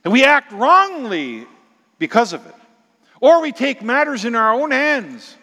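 A middle-aged man preaches with dramatic force, sinking into hushed whispers and then climbing to loud exclamations. His voice sits high and sounds bright and forceful. It carries a long reverb, as if he were recorded in a large hall. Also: very animated, a little slow. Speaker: pastor. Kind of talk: sermon.

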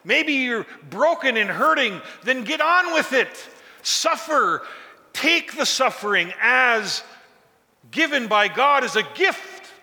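Male preacher, high voice, very bright and sharp, emphatic repetition, long hall echo. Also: sing-song, takes it slowly. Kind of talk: sermon.

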